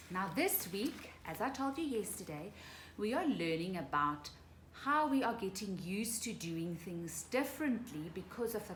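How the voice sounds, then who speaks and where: A woman's voice: mid-range voice, fairly bright tone. A woman teaching a remote morning circle to small children, singing and talking playfully in a singsong manner. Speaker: preschool teacher. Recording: echoey room with faint hiss.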